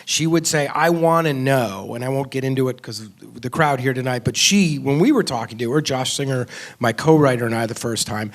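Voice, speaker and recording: A man, a filmmaker, talking earnestly about his film in an onstage conversation, pausing and restarting often. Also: mid-range voice. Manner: earnest, reflective, frequent restarts and fillers. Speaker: film director discussing his film. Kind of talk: onstage conversation before an audience. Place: stage at a film festival event.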